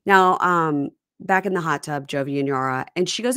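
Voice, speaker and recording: A woman's voice: deep voice, moderate pace, few pauses, fairly bright tone, no echo, studio quality. A woman co-hosting a casual podcast, recapping a reality show and acting out the cast's lines. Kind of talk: casual chat.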